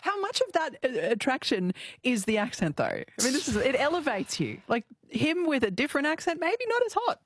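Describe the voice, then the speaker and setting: A woman's voice: high voice, big pitch swings, a little fast, dry recording. A woman radio co-host, bubbly and teasing, chatting in the studio. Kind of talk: casual radio chat. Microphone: studio mic.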